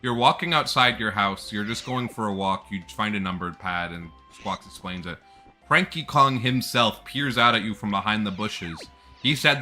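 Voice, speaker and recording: A man's voice: on the low side, moderate pace, bright, forceful tone, faint music behind. A young man chatting casually on a live stream, rambling and laughing often.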